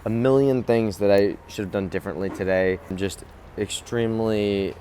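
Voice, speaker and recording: A man's voice: fairly low pitch, moderate pace, mellow. A young man talking casually and candidly to his camera outdoors, rambling and open about his feelings. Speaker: travel vlogger. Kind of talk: casual vlog talk to camera. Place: outdoors by roads and vehicles. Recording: street and traffic noise. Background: traffic and outdoor city sounds.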